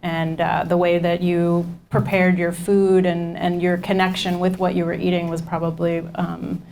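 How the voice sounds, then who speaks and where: Woman teaching a relaxed nutrition class. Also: fairly low pitch, moderate pace, creaky, slight background noise. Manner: conversational, repeats audience comments back. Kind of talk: informal teaching to a group. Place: community class room.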